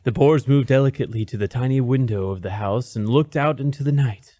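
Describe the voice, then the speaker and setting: Man, storybook narrator, mock-solemn and dramatic, mid pitch, dry close sound. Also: fairly quick, warm tone, no echo.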